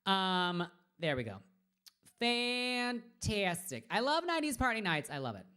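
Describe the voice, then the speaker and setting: A woman's voice: medium pitch, sing-song, a little slow, sharp tone, clean tone. A woman in her forties chatting casually on a live stream as a drag performer, rambling and trailing off into murmurs and whispers. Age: 40s.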